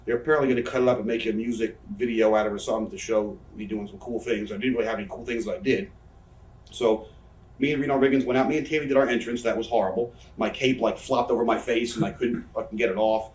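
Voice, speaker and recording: Speaking fast in a somewhat low, steady, slightly mellow voice, a man in his thirties tells stories during a candid shoot interview. He's a professional wrestler who rambles and swears freely, and the roomy recording places him far from the mic.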